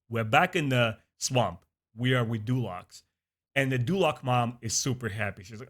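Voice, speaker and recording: A man's voice: medium pitch, expressive, moderate pace, fairly bright tone. A man casually recapping a TV episode, enthusiastic and chatty with many fillers. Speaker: TV episode reviewer.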